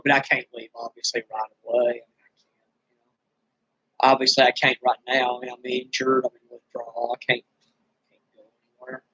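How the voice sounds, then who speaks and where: A man's voice: medium pitch, fairly bright tone, dry recording, dull audio. Weary, bitter man venting, dry room. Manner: weary, bitter and rambling, with many restarts. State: dry-throated after screaming. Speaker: vlogger. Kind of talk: venting straight to camera.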